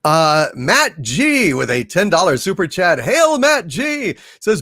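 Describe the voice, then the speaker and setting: A male livestream host reads donation messages and hails each viewer in turn. His voice is on the higher side and very animated. It sounds dry and close on a desk mic. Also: slow, hardly any pauses, dry recording. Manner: effusive, hails viewers by name. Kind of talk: casual livestream chat reading donations.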